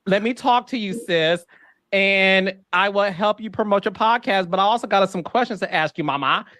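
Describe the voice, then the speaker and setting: A man's voice: high voice, moderate pace, pushed and bright, dry recording, studio quality. A man hosting an interview, teasing and playful, with exaggerated reactions. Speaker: podcast host. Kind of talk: casual interview.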